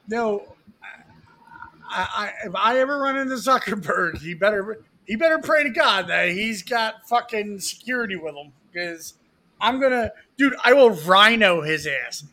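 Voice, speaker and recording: A man with a notably high voice, joking around as co-host of a casual podcast. He talks in a boastful, over-the-top way. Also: expressive, unhurried, sharp tone, a little hiss or hum.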